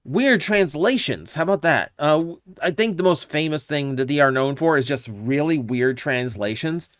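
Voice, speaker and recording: A man's voice: a little high, expressive, normal speed, a bit bright, dry recording, clean studio sound. A man hosting his own channel, giving casual, opinionated commentary with lots of asides and fillers. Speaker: YouTube channel host.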